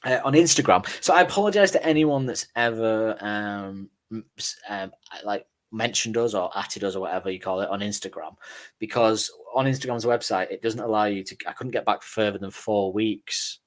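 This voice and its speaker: A man's voice: lowish voice, normal speed. A man with a Northern English accent, co-hosting a podcast and chatting casually through listener messages with an easygoing, swearing, self-deprecating manner. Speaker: podcast co-host.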